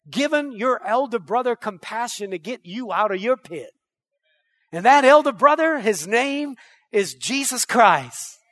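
A male pastor preaching a fervent sermon, firing rhetorical questions at the congregation and rising to loud declarations. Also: very high voice.

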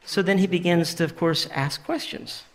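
A man's voice: high voice, steady tone, moderate pace. A man preaching a sermon in a conversational way, paraphrasing scripture and often restarting his sentences. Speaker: pastor. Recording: long reverb of a large hall.

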